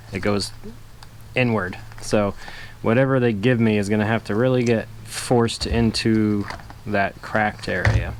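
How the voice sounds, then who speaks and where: A man casually talking through a do-it-yourself car repair, relaxed and self-deprecating, with plenty of fillers. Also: on the low side, slight background noise. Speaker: DIY vlogger. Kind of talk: casual how-to narration.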